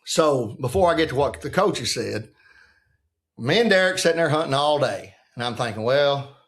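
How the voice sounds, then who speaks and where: A man's voice: medium pitch, expressive, normal speed. A man in his sixties, a retired football coach, telling a story in a casual chat and acting out what other people said in a folksy way. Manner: folksy, acts out the quotes of others.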